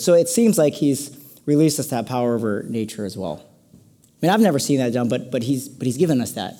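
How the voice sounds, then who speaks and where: A man's voice: mid-range voice, lively intonation, brisk, mellow. A man preaching a casual, conversational sermon to a congregation, with playful asides. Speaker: pastor.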